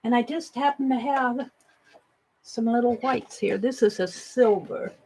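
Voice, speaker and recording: A woman talks her way through an art journal page at her craft desk, unhurried and easygoing. She chats to viewers and herself, dropping into soft murmured asides as she works. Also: on the high side, breathy edge, rough recording. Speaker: art journaling livestream host. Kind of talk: casual crafting narration.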